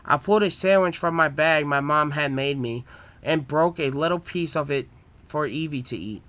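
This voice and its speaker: A man's voice: on the high side, normal speed, a bit bright. A man reading his own homemade story aloud, with plain delivery and small stumbles.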